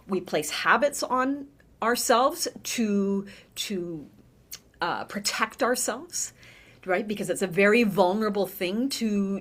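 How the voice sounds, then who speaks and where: A middle-aged woman, a vocal coach, talking in a conversational podcast interview, animated and often checking in with "right?". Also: medium pitch. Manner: animated, demonstrates voices, frequent "right?".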